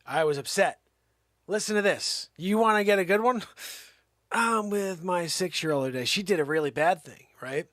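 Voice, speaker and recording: A man doing a rambling stand-up comedy monologue, switching between hushed asides and loud silly voices. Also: high voice, normal speed, no room sound, studio quality. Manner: goofy, jumps between whispers and loud silly character voices; rambling and playful.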